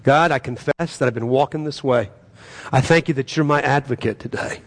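A man with a gravelly, husky voice preaches as a pastor. He talks in an earnest, pleading way, and his emphasis swells through the prayers. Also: medium pitch, a little fast, fairly bright tone. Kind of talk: sermon and prayer.

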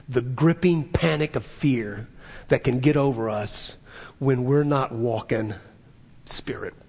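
Man, pastor mid-sermon, husky voice, earnest, swings from whispers to emphatic peaks, church hall reverb. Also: fairly high pitch, a little mellow.

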